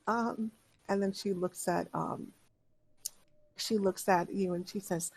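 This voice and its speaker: A woman narrating as game master over an online voice chat, chatty and halting with many fillers. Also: mid-range voice, fairly even intonation, gravelly, a little mellow, breathy edge.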